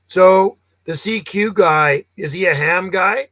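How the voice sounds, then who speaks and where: A man running an 11-meter radio station, calling out and chatting bluntly between calls, clearing his throat often. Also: fairly high pitch, a little slow, hardly any pauses, fairly bright tone. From Canada. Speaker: CB radio operator. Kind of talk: casual radio chat and calling.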